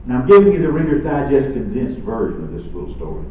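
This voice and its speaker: A man preaching a sermon in a church, swinging between loud outbursts and hushed lines. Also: medium pitch, big pitch swings, quick pace, few pauses. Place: church sanctuary. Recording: echoey, phone-like distant church audio.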